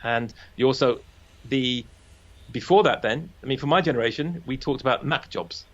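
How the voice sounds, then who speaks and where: A man's voice: mid-range voice, normal speed, a bit bright, muffled recording. A man chatting casually about language and slang, playfully acting out quoted voices.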